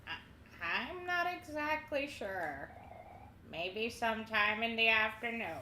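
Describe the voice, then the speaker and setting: A woman voicing a gentle elderly woman who speaks softly and politely, recorded in an echoey room. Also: a little high, expressive, slow pace, a little hiss or hum, exaggerated voice.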